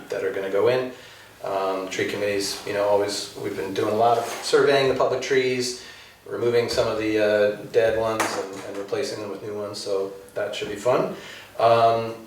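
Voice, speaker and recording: A man's voice: fairly low pitch, slight background noise. Guy doing village board announcements, lots of ums, mic far off, big echo. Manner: halting, many ums and uhs. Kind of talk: public meeting announcements. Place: village hall meeting room. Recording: echoey room, distant mic.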